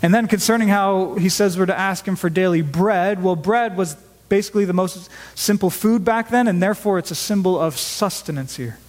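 Guy preaching a sermon, pretty high voice, big echoey church hall. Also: moderate pace, darkish tone. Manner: earnest, emphatic preaching with repeated words. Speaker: pastor. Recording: long hall reverb.

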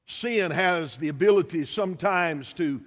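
A man's voice: a little high, measured pace. A man preaching a sermon as pastor, emphatic and full of rhetorical questions, in a church. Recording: long hall reverb.

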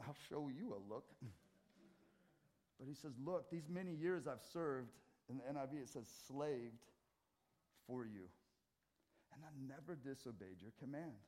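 A middle-aged man preaching a sermon in a church, swinging from loud scripture readings to quiet asides. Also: medium pitch. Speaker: pastor. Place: church sanctuary.

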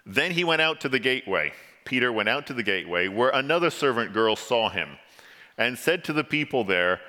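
A man born in England preaching a sermon with dramatic storytelling, rising to pleading and sinking to a somber hush. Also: mid-range voice, expressive, normal speed. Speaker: pastor. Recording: long hall reverb.

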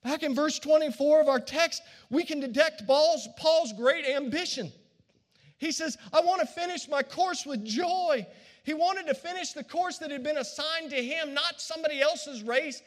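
A man's voice: very high-pitched, moderate pace. A middle-aged man preaching a sermon as pastor, fervent and playful by turns. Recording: long hall reverb.

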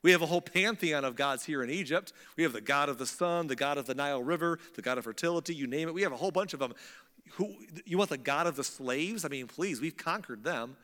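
A preacher playing a scornful pharaoh. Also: male voice, a little high, expressive, fast, a bit bright, in a large hall. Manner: mocking, dismissive, casual slang. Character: scornful arrogant male pharaoh, ancient king.

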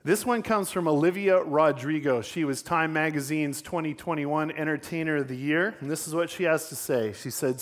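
A man's voice: a little high, moderate pace, hardly any pauses. A man giving a sermon-style talk, retelling a story in a conversational way with dry, self-deprecating humor.

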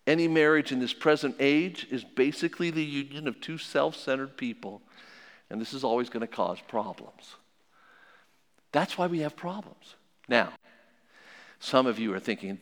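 A man preaching a sermon as pastor, emphatic, swinging between loud and hushed. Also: mid-range voice, moderate pace, big-room sound.

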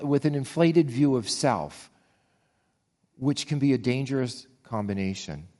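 A man's voice: medium pitch, darkish tone, in a large hall. A man preaching a sermon with earnest rhetorical questions and frequent small restarts. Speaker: pastor.

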